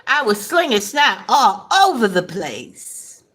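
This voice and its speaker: Slow-talking woman with a lively, playful voice. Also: breathy edge. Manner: animated, playful talk with sudden high rises and drawn-out words. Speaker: vlogger. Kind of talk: mukbang chat.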